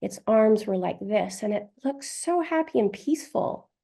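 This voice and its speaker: Woman reads a distressed client, stammering, low-key gravelly tone. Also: expressive, dark tone. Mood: wondering. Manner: halting, emotional, stammering. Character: adult woman client reliving infant distress.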